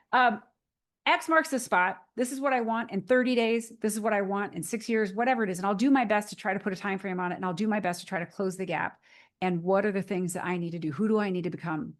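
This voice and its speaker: A woman in her forties giving a casual motivational talk to the camera, retelling movie scenes in a chatty storytelling way. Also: mid-range voice. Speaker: motivational speaker.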